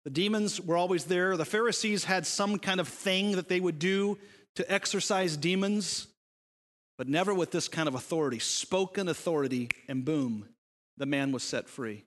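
High-voiced man preaching a sermon. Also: normal speed, a bit bright, long reverb tail. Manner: emphatic preaching with rhetorical questions. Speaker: pastor.

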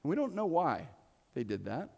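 A man's voice: fairly high pitch, huge pitch swings, normal speed, vocal fry, a little mellow. A man preaching a sermon as a pastor in a church, conversational and joking, with playful asides. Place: church sanctuary. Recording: long reverb of a church hall.

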